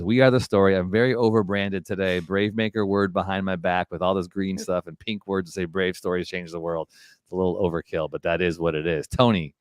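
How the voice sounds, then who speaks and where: A man's voice: deep voice, clear, resonant tone, no room sound, clean studio sound. A man from Chicago hosting a casual live video chat, upbeat and chatty. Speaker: host. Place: home setup with branded backdrop. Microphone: video call.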